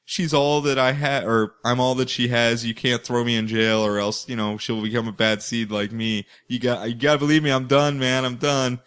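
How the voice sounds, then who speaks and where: A middle-aged villain father begs desperately, whiny and rushed, as a man acts him out in his own voice. He is cornered and pitiful, a comic-book figure. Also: mid-range voice, little pitch movement, a bit bright, smooth, lightly acted. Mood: pleading.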